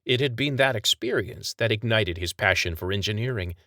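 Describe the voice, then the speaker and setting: Male author-narrator, low voice, dry close read, measured audiobook delivery. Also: expressive, bright, forceful tone, no room sound. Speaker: author narrating his own story.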